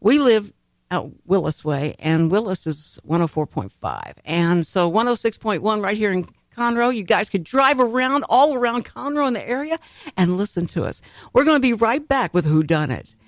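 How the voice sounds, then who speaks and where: Woman, radio host, rambling casual chat, frequent laughs, mid pitch, dry close studio sound. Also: very animated, normal speed, no room sound. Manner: chatty and rambling, laughs often. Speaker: radio talk show host. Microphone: studio microphone.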